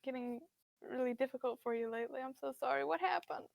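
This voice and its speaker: A woman voicing a thin, frail aging mother who speaks softly and haltingly, soothing her son. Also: high-pitched, vocal fry, no room sound. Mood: tender. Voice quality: soft, hushed, wavering.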